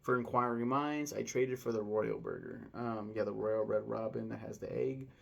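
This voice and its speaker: A man's voice: lowish voice, big pitch swings, normal speed, creaky, a little hiss or hum. A man in his thirties chatting casually in a vlog, rambling and enthusiastic, with lots of fillers. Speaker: vlogger.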